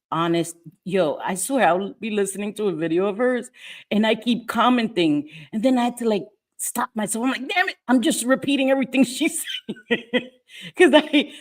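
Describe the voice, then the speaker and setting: Chatty middle-aged woman livestreaming. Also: mid-range voice. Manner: chatty, laughs often, drifts between topics, greets viewers by name. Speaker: livestream host. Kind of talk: casual livestream chat greeting viewers.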